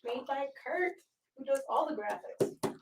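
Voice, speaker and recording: A woman's voice: high-pitched, a little slow. A woman, an off-camera assistant, making brief helpful asides on a stream.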